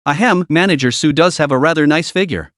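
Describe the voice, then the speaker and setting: A man's voice: fairly high pitch, a little fast, fairly bright tone, no echo, studio quality, natural voice. A man playing a cocky demon lord, offhand. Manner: offhand and bluffing, curt commands. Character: cocky young male demon lord in disguise.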